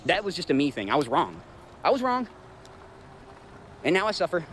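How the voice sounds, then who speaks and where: A Southern-accented man in his thirties hosts a casual livestream. His voice sits a little high. He talks bluntly and swears freely as he rambles through his grievances. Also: sing-song, rapid-fire, fairly bright tone, a little hiss or hum. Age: 30s. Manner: profane, blunt, rambling, talks straight to chat. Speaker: livestream host.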